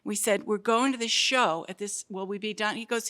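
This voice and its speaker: A woman's voice: medium pitch, moderate pace. A woman casually telling a personal anecdote to an audience at a live storytelling event, with hesitant starts and a chatty manner. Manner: relaxed, conversational, hesitant starts.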